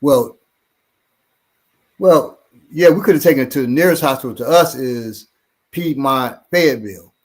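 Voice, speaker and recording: A man's voice: mid-range voice, moderate pace, pauses often. Rambling, swearing man on a podcast. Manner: rambling, swears, repeats words, laughs easily. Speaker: show co-host and self-defense trainer. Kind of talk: casual podcast chat.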